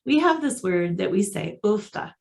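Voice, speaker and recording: A woman's voice: mid-range voice, normal speed, creaky. A woman from South Dakota hosting a casual online interview, upbeat and encouraging. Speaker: host.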